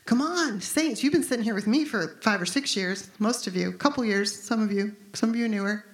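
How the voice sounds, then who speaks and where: A woman's voice: medium pitch, fairly quick. A woman in her fifties preaching a conversational, emphatic sermon as pastor. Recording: echoey room.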